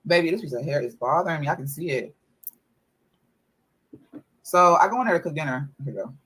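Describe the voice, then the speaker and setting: A woman's voice: deep voice, animated, brisk, fairly bright tone, slightly rough, low-quality recording. A mother telling a story in a casual vlog, exasperated and profane, repeating herself as she vents about her kids.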